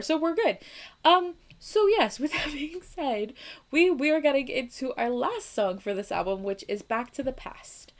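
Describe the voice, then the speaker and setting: Emotional young woman reacting, higher voice. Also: lively intonation, measured pace. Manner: emotional, gushing, laughs often, swears casually. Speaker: reaction video host. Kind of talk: casual reaction chat.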